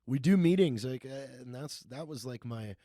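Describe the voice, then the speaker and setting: A man's voice: mid-range voice, expressive, normal speed, warm tone, no echo, studio quality. Blunt middle-aged man. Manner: blunt, complaining, laughs along. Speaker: podcast co-host. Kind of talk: casual profane chat.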